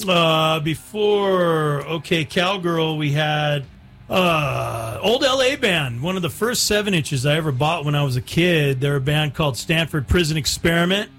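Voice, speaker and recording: A man's voice: on the high side, expressive, moderate pace, a bit bright, faint music behind. A man hosting a radio show, chatting casually and joking between songs. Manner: laid-back, jokey, laughs easily. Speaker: radio host.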